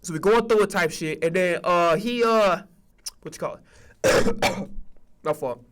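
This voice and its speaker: A man's voice: sits high, measured pace, a bit bright. A man telling a story in a profane, frustrated casual rant full of restarts. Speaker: streamer telling a studio story.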